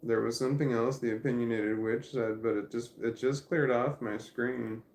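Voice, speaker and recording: A man's voice: medium pitch, steady tone, normal speed, darkish tone, roomy sound. A man chatting casually at home in a meandering, stammering way, talking to his dog and reading messages aloud. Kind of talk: rambling casual livestream chat. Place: at home indoors.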